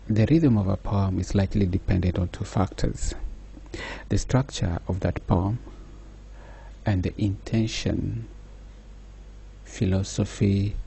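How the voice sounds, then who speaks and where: A man giving a slow, measured lecture, pausing often with fillers. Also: sits low, gravelly, mellow, a little hiss or hum. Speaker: teacher. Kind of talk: recorded lecture.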